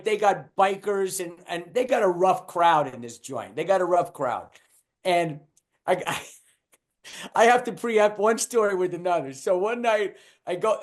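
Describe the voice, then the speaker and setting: An older man with a high-set voice spins a comedy club story, jumping into the voices of the people he describes. He talks like a veteran stand-up on a guest spot, lively and full of asides. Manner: animated storyteller, acts out the people in his story.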